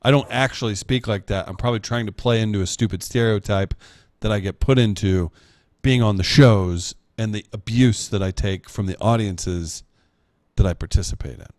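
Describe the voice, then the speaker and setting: A man's voice: lowish voice, normal speed, a little mellow, no room sound. A young adult man co-hosting a casual podcast, reading audience questions with wry jokes. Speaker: co-host.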